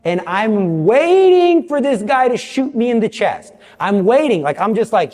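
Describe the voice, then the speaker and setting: A man telling a faith story to an audience with self-mocking humor, his voice jumping high whenever he quotes someone. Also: a little slow, hardly any pauses. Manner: animated, jumps high for quoted lines. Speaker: Catholic speaker. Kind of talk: storytelling talk. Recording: long hall reverb.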